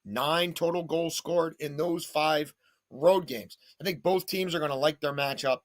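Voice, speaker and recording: A man hosting a sports betting show, giving soccer picks in an animated, jokey, punchy way. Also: on the high side, measured pace.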